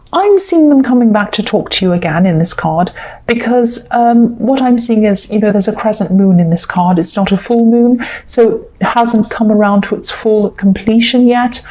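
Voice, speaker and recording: Female tarot reader, mellow timbre, conversational, loose and rambling with bits of acted-out dialogue. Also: medium pitch, rough recording. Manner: chatty, rambling, acts out imagined dialogue. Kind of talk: casual tarot reading monologue.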